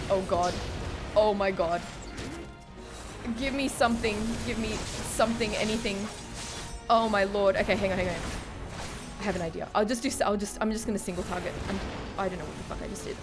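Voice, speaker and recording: A woman with a mid-range voice streams a game at a moderate pace, pausing often. She's tipsy, cursing and muttering to herself and her chat, sometimes letting out panicked shrieks, while the game's music stays clearly audible underneath.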